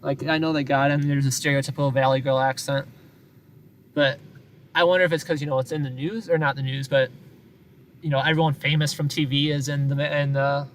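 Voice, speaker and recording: A man's voice: fairly high pitch, flat delivery, brisk, slight background noise. Chatty Wisconsin-accented man streaming live. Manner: talkative, rambling, self-deprecating. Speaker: live-streaming news chaser. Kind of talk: casual live-stream chat. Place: parked car at night.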